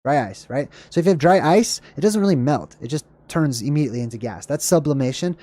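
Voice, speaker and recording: A man hosts a livestream and answers chat questions in a casual, rambling way, often groping for words and correcting himself. His slightly hoarse voice is fairly high-pitched, animated, fast, and dark in tone.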